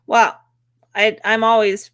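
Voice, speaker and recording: A woman with a bright, fairly high voice chats as a podcast co-host, enthusiastic and warm to the topic. The sound is dry and close, with no room around it. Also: little pitch movement, slow, smooth, no room sound. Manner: enthusiastic, chatty. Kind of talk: motivational podcast talk.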